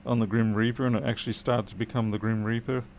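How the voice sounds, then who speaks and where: A man's voice: lowish voice, flat delivery, quick pace, darkish tone, a little hiss or hum. A tired man streaming a late-night electronics repair, muttering as he works and answering live chat with dry, self-deprecating remarks.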